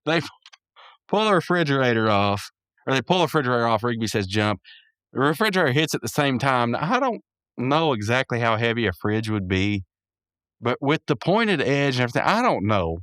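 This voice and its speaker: Casual male podcast host recapping episodes, smooth resonant voice, dry close recording, meandering and chuckly. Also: mid-range voice, big pitch swings, fairly quick, fairly bright tone, dry recording. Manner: rambling, self-correcting, laughs often.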